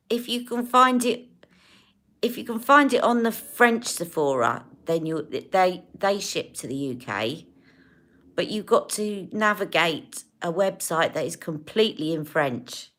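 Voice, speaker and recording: A woman's voice: lowish voice, a bit bright. Chatty woman hosting a beauty livestream. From United Kingdom. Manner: chatty, affectionate, emotional, rambling. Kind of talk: casual livestream chat with viewers.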